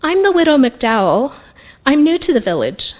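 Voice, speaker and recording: Woman doing a gentle mother, polite, soft, storybook. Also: sits high, big pitch swings, normal speed, pitched above the performer's own voice. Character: polite young widowed mother.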